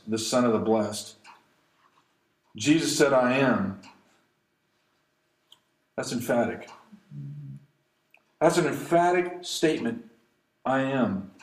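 A man preaching an expository sermon, reading scripture aloud and commenting on it, slowing down to stress key lines. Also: a little high. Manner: reads verses aloud then comments, slows for emphasis. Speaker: pastor. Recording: echoey room.

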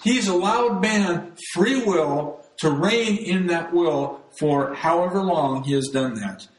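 Speaking slowly but with lively intonation, this high-voiced man delivers a Bible lesson like a casual sermon, addressing everyone as "folks." He restarts his thoughts frequently. The recording is low quality and full of reverb.

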